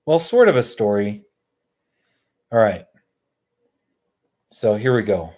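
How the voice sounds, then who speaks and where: Slow, chatty American man on a live stream. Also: on the low side. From Colorado, USA. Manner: chatty and excitable, chuckling often. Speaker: YouTuber hosting a live stream. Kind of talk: casual live-stream chat.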